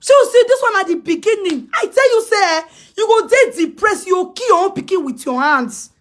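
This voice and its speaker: Very high-pitched scolding Nigerian woman. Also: animated, a little fast. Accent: Nigerian Pidgin English. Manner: scolding, repetitive, emphatic, breaks into shouts. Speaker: social media personality. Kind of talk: ranting live-stream commentary.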